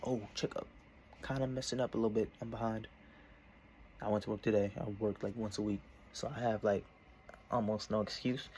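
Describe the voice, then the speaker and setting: Young male vlogger, casual and meandering, average pitch, slight background noise. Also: creaky. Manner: meandering, self-interrupting, relaxed. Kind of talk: casual rambling vlog. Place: at his desk indoors.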